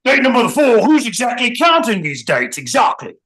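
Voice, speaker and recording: A performer voices a breezy woman who swears she was born Cockney, her mock accent teasing. Her pitch swoops wildly up and down. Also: sing-song, moderate pace, a bit bright. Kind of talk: online improv scene. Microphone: video call.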